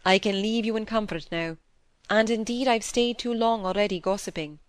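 A woman reading the part of a kind, worried middle-aged male doctor speaking to his daughter, gentle and reassuring. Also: mid-range voice, moderate pace, dry recording, close to an everyday voice. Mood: tender. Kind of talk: audiobook character reading.

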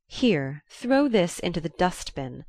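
A woman reading the part of a proud, volatile young countess, shrill and imperious in an audiobook. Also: sing-song, unhurried, a little mellow, dry recording, clean studio sound, full character voice. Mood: urgent. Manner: imperious, abrupt.

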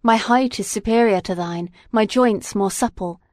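A woman reading aloud and voicing a huge, wretched male creature who speaks in a slow, grave, aggrieved way. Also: medium pitch, darkish tone, dry recording, clean studio sound, lightly acted. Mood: pleading.

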